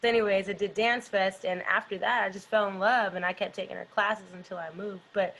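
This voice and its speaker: A woman's voice: mid-range voice, fairly even intonation, fairly quick, fairly bright tone, rough recording. A middle-aged woman being interviewed about her dance company, telling stories in a loose, rambling way with lots of fillers. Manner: rambling, filler-heavy storytelling. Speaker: dance company founder, guest. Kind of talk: casual interview chat.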